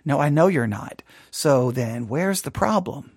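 A man's voice: on the high side, animated, a little slow, breathy edge, no echo, clean studio sound. A man giving a long teaching sermon as a Bible teacher, conversational, provocative and sarcastic.

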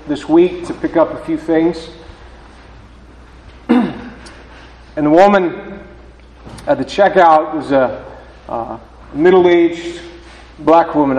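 A man preaching as a pastor, reading scripture and then giving a sermon in a slow, deliberate way with halting restarts. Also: fairly high pitch, a little mellow. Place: church sanctuary. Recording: roomy church reverb, voice from a distance.

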